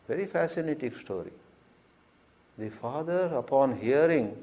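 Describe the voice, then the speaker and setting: Male spiritual teacher, mid-pitched, lively storyteller who chuckles now and then. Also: a little slow.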